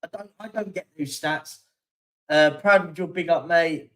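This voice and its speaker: Heard through a distant mic, this livestream host has a slightly high, somewhat bright voice and an unhurried delivery. He chats and rambles casually through football stats and viewer comments, leaning on lots of fillers.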